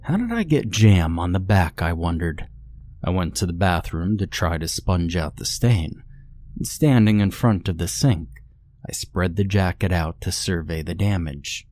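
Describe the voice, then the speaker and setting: A man narrating a scripted horror story in a calm, measured way. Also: low voice, dry recording.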